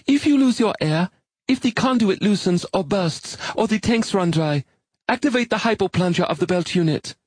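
A man voicing a brisk, commanding young woman diver who gives crisp instructions. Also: sits high, lively intonation, dry recording, pitched above the performer's own voice. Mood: instructive. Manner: crisp and instructive, caustic edge.

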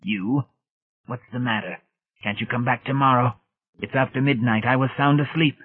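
A man's voice: mid-range voice, moderate pace, breathy edge, pitched above the performer's own voice, natural voice. A tiny, nervous old preacher quavers in a thin, whining voice, as a male reader puts him on. He sounds wary and grudging, and the audio is narrow and tinny like a phone call. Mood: suspicious.

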